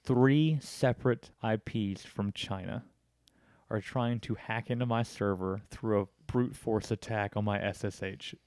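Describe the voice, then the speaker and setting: A man hosting a casual chat, telling stories with lively acted-out dialogue. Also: fairly low pitch, measured pace, dry recording, studio quality. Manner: animated storyteller acting out both sides of phone calls.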